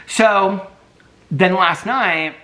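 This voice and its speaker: A man's voice: sits high, extremely slow, bright, forceful tone. A man vlogging at home in a casual, rambling chat. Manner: chatty, rambling, baby-talks to his dogs.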